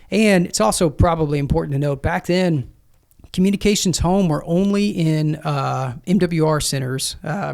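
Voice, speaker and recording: A man's voice: a little high, gravelly, a little mellow. Earnest, reflective man telling a story. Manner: earnest, reflective, halting with restarts. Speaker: podcast guest, former Marine. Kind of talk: conversational interview storytelling.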